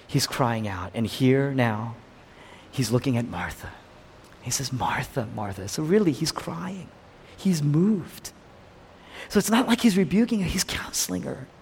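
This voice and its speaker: A man's voice: mid-range voice, moderate pace, darkish tone, long reverb tail, slight background noise. A man preaching a sermon in an earnest, emphatic way, often repeating his phrases.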